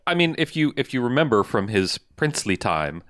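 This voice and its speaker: A man's voice: medium pitch, very animated, brisk, no echo, clean studio sound. A man joining a casual movie chat with short, wry remarks.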